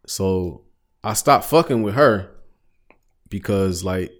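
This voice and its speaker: A man's voice: low voice, normal speed. A man co-hosting a podcast in a laid-back way, laughing often and answering with short agreements. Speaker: podcast co-host. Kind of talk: casual chat.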